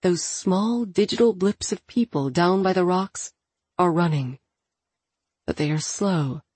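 A woman narrating an audiobook in a measured, steady reading voice. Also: lowish voice, husky, no room sound.

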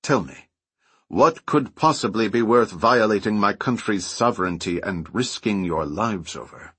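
A stern, guarded general with a cool, measured delivery, as a male narrator reads him. The voice sits low and a little husky. It is recorded close and dry. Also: fairly bright tone, no room sound. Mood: skeptical.

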